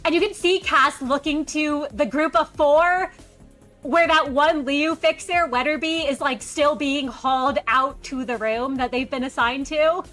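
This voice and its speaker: A woman running a tabletop role-playing game as game master, narrating lively and jumping into characters' lines. Her voice is high and bright, with faint music underneath. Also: a little slow.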